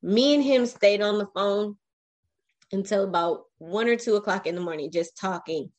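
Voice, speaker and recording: A woman in her forties, a podcast interview guest, telling her own life story in an animated, emotional way with frequent restarts. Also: mid-range voice, normal speed.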